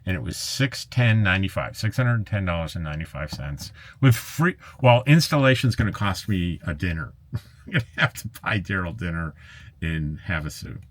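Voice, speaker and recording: Man, lowish voice, casual vlog chat, rambling and self-interrupting, reading viewer comments. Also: animated, moderate pace, dry recording. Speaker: RV travel vlogger. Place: RV camp in the desert.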